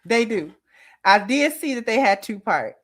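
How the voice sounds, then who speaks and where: A woman's voice: fairly high pitch, lively intonation, unhurried. A woman hosts her own commentary vlog in a loose, conversational way. She speaks straight to her viewers, casual and colloquial throughout. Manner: chatty, colloquial, addresses viewers directly. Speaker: host.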